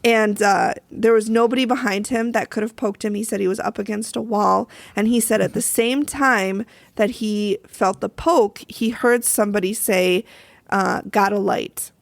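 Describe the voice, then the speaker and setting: A woman's voice: medium pitch, steady tone, moderate pace, gravelly, no room sound. A woman co-hosting a podcast, recapping a TV episode in casual chat, full of "like" and "um" and acting out quotes. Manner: chatty, lots of "like" and "um", acts out quotes. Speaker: podcast co-host.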